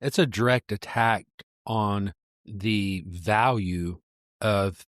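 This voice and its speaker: A man's voice: on the low side, slow pace, no echo, studio quality. A man co-hosting a Christian podcast, talking earnestly and reading scripture in a preacherly way. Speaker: podcast co-host. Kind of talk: casual Christian podcast discussion.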